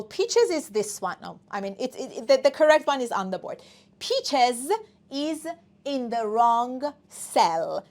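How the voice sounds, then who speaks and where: A woman teaches an exam-prep English class in a high, bright-toned voice. She talks at an unhurried pace. She is emphatic and repeats each word aloud as she drills it.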